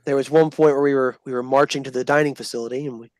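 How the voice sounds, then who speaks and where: A man's voice: medium pitch, very fast, no room sound. A man casually telling a profane story in a vlog, acting out the people he quotes. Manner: animated, profane, acts out quoted voices. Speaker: storyteller recounting army basic training.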